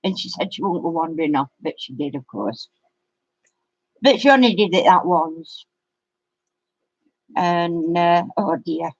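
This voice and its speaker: A woman's voice: fairly low pitch, lively intonation, a little slow, pauses often, no echo. A middle-aged woman, telling a long story in a casual live-stream chat. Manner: rambling storyteller. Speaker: craft channel host. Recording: dry, muffled lo-fi sound.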